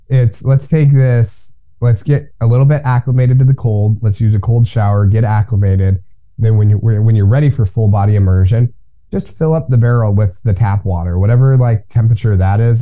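A man being interviewed as a guest, explaining his routine in a calm, instructive way. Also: lowish voice, normal speed. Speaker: guest, cold plunge business owner. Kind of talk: conversational interview.

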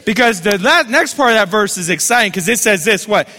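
Man, pastor, fervent sermon, call-and-response, sharp bright voice, long church-hall reverb. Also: high-pitched, sing-song, quick pace, few pauses.

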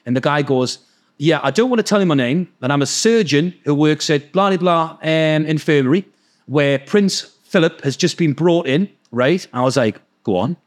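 A man with a Geordie accent telling a story in casual chat, animated and swearing freely as he acts out the voices of others. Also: on the high side, moderate pace. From North East England. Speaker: podcast guest storyteller.

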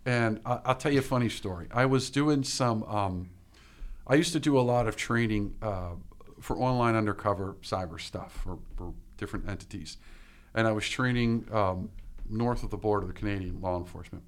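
A man's voice: on the low side, moderate pace. A man co-hosting a casual podcast chat, telling a light, jokey story about his work. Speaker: podcast co-host.

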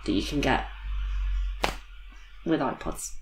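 A woman's voice: a bass voice, slow, soft background music. Chatty young British woman, roomy sound. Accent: British English. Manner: chatty, animated storytelling with many fillers. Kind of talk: casual chat. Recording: roomy echo.

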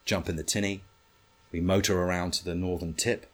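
A man telling a lively anecdote in casual talk, swearing freely and acting out what others said. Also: deep voice, brisk. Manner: animated, swearing, acts out others' lines. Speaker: storyteller guest.

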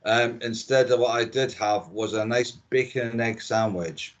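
A man's voice: mid-range voice, moderate pace. A middle-aged man with a Scottish accent, chatting casually as a podcast guest, opinionated and prone to repeating himself. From Scotland.

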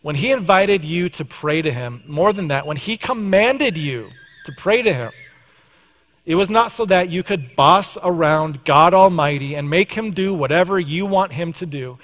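A man's voice: fairly high pitch, lively intonation, moderate pace, a bit bright, in a large hall. A man in his thirties preaching a sermon, telling a family story in a conversational, self-deprecating way before drawing the lesson. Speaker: pastor. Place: church sanctuary.

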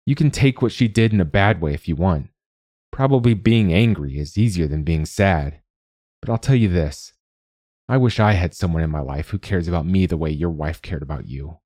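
Man playing a tall lonely younger man, quiet, soft, calm, deep mellow voice. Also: moderate pace, no echo, studio quality. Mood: firm.

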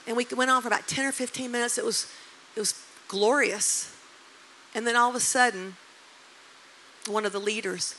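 Bright-voiced woman preacher in her sixties. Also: a little high, normal speed, long pauses, low-quality recording. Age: 60s. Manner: animated storyteller, emotional and emphatic. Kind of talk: sermon storytelling.

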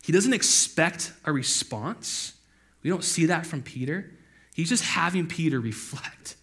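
A man preaching a casual sermon in a conversational way, full of asides, who acts out quoted voices with sudden loud outbursts. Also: fairly high pitch, lively intonation, a little slow. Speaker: pastor.

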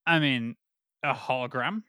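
A man in a tabletop game plays his character awkward, halting and rambling. His voice is bright and forward at a middle pitch. It is recorded close and dry. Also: no echo. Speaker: player. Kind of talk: casual role-play banter.

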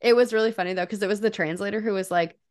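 A woman co-hosting a casual podcast chat, chatty and quick to laugh and swear. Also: medium pitch, fairly even intonation. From not Scottish. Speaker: podcast co-host.

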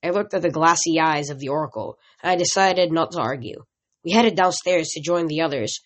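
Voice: mid-range voice, brisk. A reader narrating a novel in the first person, with a plain reading style and occasional stumbles. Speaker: audiobook reader.

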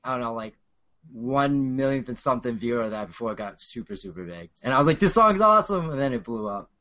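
A man in his late twenties with a Boston accent chats as a podcast guest. He talks in loose, filler-heavy stretches at an ordinary pitch. The recording sounds a little dull and lo-fi. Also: fast talker, a bit bright. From South Korea. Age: 20s. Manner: rambling, filler-heavy storytelling. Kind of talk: casual podcast chat.

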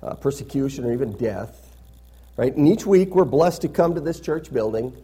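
A man's voice: mid-range voice, lively intonation, moderate pace, dark tone, husky. A man preaching a sermon as pastor, reading scripture aloud with rising emphasis and adding conversational asides that end in "right?".

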